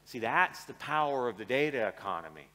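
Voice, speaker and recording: Animated joking man in an echoing arena. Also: medium pitch, a little fast. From Seattle. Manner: irreverent, joking, acts out dialogue. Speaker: keynote speaker. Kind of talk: conference keynote talk. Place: large arena. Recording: arena reverb.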